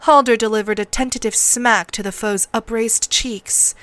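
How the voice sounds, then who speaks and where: A woman narrating a novel aloud in a measured, steady read-along style, close to the mic. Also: on the high side, no echo.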